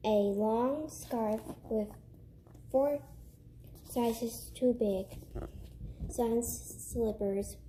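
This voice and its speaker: A woman reading a book aloud in a halting way, stumbling, restarting and breaking off to chat. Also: on the high side, dark tone, slight background noise. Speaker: reader.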